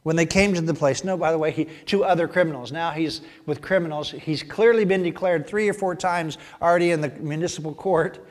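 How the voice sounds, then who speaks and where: A man preaching a sermon, animated, rising loud on emphasis and dropping to hushed asides. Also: a little high, brisk, few pauses. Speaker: pastor.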